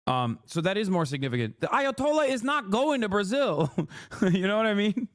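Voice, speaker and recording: A man's voice: high-pitched, very animated, moderate pace. A man in his thirties giving casual reaction commentary on a stream, heated and sarcastic, swearing and laughing often.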